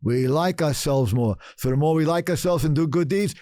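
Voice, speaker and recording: A man's voice: a little high, normal speed, dark tone, dry recording. An older man from Brooklyn, telling stories emphatically as a podcast guest and repeating phrases for effect. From Brooklyn, New York. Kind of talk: storytelling interview talk.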